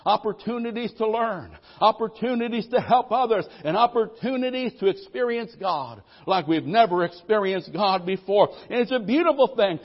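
A man preaching a sermon as pastor, calling for amens from the congregation and swinging from loud declarations to soft, low asides. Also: expressive, normal speed, hardly any pauses, muffled recording. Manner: preaching with call-and-response amens, voices people's worries.

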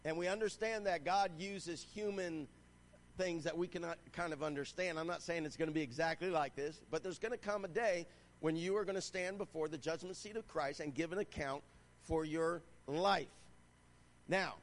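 High-voiced man preaching a fervent sermon. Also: normal speed. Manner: preaching with rising fervor, exhorting the congregation; reads scripture aloud, asks the crowd "Amen?". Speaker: pastor.

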